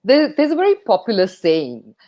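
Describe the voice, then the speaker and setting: A woman talks as a guest about public speaking. Her pitch swings widely, high then low, as she plays up rhythm and pauses. She speaks like a trained radio voice. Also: wildly swooping pitch, dark tone. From India. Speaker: guest, speech coach and radio jockey. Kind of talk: enthusiastic interview talk.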